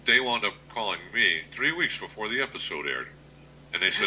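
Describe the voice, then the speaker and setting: Interview guest, male, 60s, very deep but bright-edged voice, plainspoken storyteller. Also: big pitch swings, a little hiss or hum, low-quality recording. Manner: unhurried, plainspoken anecdotes. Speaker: guest author.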